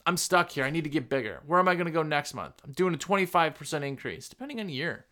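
Man, podcast host, blunt motivational talk, fairly high voice, lots of rhetorical questions. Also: expressive, quick pace, sharp tone.

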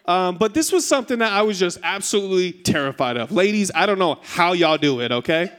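High-voiced animated man in his thirties preaching. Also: fairly quick, clean tone. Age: 30s. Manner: animated storyteller, rising to high excited pitch in punchlines. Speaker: pastor. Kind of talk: sermon with comic storytelling. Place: church stage.

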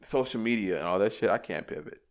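A young man, a podcast guest, talking in an animated, rambling way with many restarts. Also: on the low side, fast. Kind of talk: casual chat.

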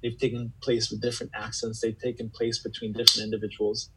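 A man's voice: mid-range voice, completely flat delivery, fast talker, heavy background noise. A man speaking as a guest in a reflective conversation, earnest and searching, often repeating words as he gathers his thoughts. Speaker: podcast guest.

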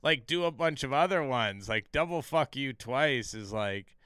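A man's voice: medium pitch, lively intonation, unhurried, sharp tone, smooth, no room sound, clean studio sound. A man co-hosting a podcast, recapping a TV episode in casual, profane chat full of fillers and restarts.

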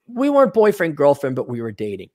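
A man's voice: fairly high pitch, fast, dry recording, clean studio sound. A man co-hosting a casual podcast, telling stories and acting out quoted voices. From United States. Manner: animated, acts out quoted voices. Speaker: podcast co-host.

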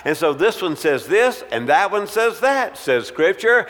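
Bir papaz, İncil öyküsünü sohbet havasında, canlandırmalı anlatan bir adam; uzun yankılı kilise salonu kaydı. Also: male voice, high-pitched, sing-song, a little slow, fairly bright tone, big-room sound. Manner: conversational storytelling with acted quotes. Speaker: pastor. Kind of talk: sermon.

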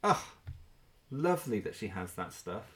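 A man's voice: fairly low pitch, sing-song, moderate pace, noisy background. Playful, giggly man. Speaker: podcast co-host. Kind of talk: casual chat.

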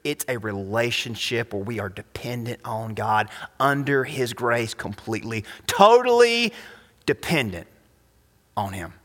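A man preaching a sermon as pastor, emphatic, swinging between loud high phrases and quiet low ones. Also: steady tone, unhurried. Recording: long reverb of a hall.

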